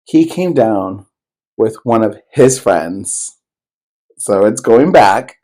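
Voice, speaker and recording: A man's voice: lowish voice, lively intonation, slow pace, warm tone, poor audio. A man co-hosting a podcast, telling a personal story in loose, rambling casual chat, full of fillers and swearing. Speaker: podcast co-host.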